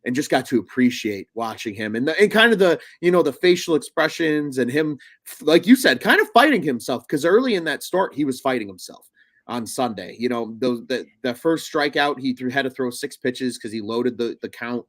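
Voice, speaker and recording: On a laid-back sports talk show, a young man serving as podcast co-host rambles chattily, often restarting and using fillers. He sounds animated and a bit bright, medium in pitch, at normal speed, with no echo.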